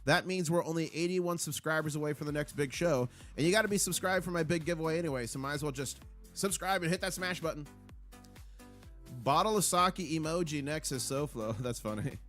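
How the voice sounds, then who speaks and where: A man hosting a casual livestream, upbeat and chatty as he gives shout-outs to viewers. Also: fairly high pitch, fairly quick, faint music behind. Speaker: livestream host. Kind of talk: casual live chat.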